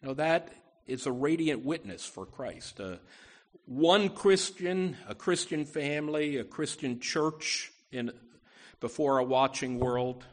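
A man preaching a sermon from the pulpit, earnest and deliberate, often saying "you know" and restarting phrases. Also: medium pitch, lively intonation, a little hiss or hum. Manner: slow, deliberate delivery with emphatic rises. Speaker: pastor.

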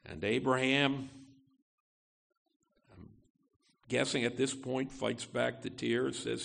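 A man preaching an expository sermon as pastor, slow and deliberate, pausing and correcting himself as he reads and explains scripture. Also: mid-range voice, steady tone, vocal fry, fairly bright tone.

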